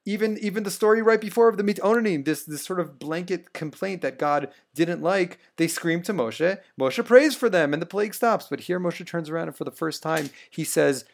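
A man's voice: high-pitched, fairly quick, vocal fry, hardly any pauses. A man co-hosting a conversational Torah study podcast, explaining verses and putting questions to his co-host.

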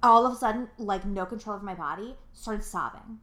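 A woman's voice: mid-range voice, brisk, a bit bright. A woman in her twenties co-hosting a podcast, chatting casually in a rambling, filler-heavy way, swearing freely and getting emotional. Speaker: podcast co-host. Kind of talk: casual chat. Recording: roomy echo.

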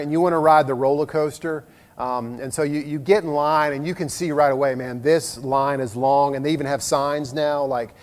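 A middle-aged man preaching a sermon as a pastor, earnest and conversational, moving between loud emphasis and hushed asides. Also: fairly high pitch. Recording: long reverb of a large hall.

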